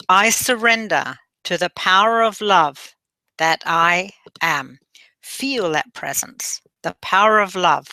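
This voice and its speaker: A woman leading a guided meditation, giving gentle breathing instructions and having listeners repeat affirmations after her. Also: lowish voice, creaky, no echo.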